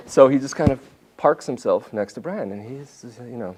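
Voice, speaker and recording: A man in his fifties, a journalist giving a talk at a university, telling anecdotes in an animated way and often restarting his sentences. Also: mid-range voice, normal speed, a little hiss or hum. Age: 50s. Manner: animated storytelling with restarts and self-corrections. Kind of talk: lecture with anecdotes. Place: university lecture hall.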